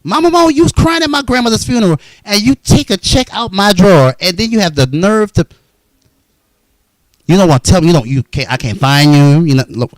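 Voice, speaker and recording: A man's voice: high voice, expressive, brisk, no room sound, low-quality recording. Man ranting his life story, cussing a lot, swings up and down a ton, dry sound. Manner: profane, blunt, heated. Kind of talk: unscripted storytelling monologue.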